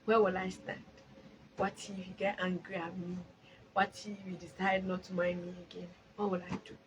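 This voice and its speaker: A Ghanaian woman hosting a live stream and sharing a personal faith testimony, moving between loud exclamations and soft prayerful speech, slipping Twi phrases in among her English. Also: on the low side, flat delivery, normal speed, a little hiss or hum, low-quality recording.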